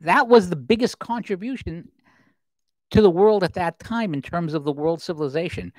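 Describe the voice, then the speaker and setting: A man's voice: high voice, normal speed, a little mellow, dry recording, low-quality recording. A man in his fifties hosting a solo livestream, talking through political commentary in a rambling, conversational way with restarts and asides. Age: 50s. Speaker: livestream host.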